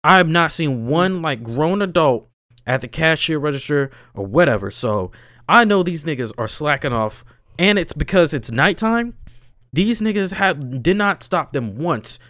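Lively young man telling a story. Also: unhurried, no echo, studio quality. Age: young adult. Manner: animated, slangy, swings between loud and low. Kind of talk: casual chat, storytelling.

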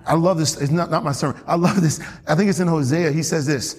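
A man's voice: fairly high pitch, fast talker, hardly any pauses, a little mellow, slightly rough. A man preaching a sermon as pastor, often asking the congregation questions and waiting for their response. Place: church hall. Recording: long hall reverb.

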